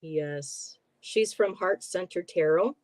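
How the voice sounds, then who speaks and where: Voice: medium pitch, slow pace, darkish tone, dry recording. Middle-aged host telling a rambling, heartfelt story. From Buffalo, New York area. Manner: rambling, emotional storytelling with many fillers. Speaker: host, tarot reader. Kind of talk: casual chat.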